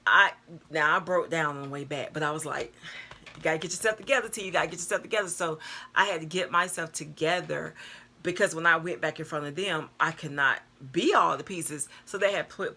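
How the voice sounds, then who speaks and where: An older woman, telling a personal story to her viewers in a chatty, animated way, calling them girl and y'all. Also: lowish voice. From North Carolina, US. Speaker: vlogger. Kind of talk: casual storytelling to camera.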